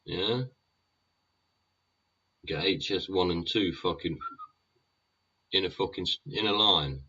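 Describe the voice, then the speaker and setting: Bloke ranting, swears every other word, low husky voice, muffled lo-fi audio. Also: male voice, moderate pace, bright, forceful tone. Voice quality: heavy swearing, rhetorical tag questions. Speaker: podcast host. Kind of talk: sweary rambling monologue. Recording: dull lo-fi recording.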